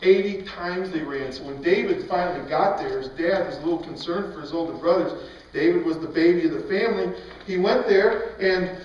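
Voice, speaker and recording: Animated man preaching in echoey hall. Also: fairly high pitch, normal speed. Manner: animated, emphatic, often laughing. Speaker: speaker at a Christian event. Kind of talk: storytelling talk. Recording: echoey hall, mic far off, dull sound.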